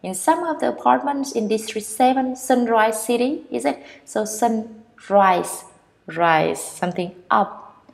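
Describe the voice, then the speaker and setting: Vietnamese-accented woman teacher, unhurried delivery, models each word again and again for a pronunciation class. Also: on the high side, gravelly. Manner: repeats each word slowly, drawing out vowel sounds. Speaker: English teacher. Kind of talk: pronunciation lesson.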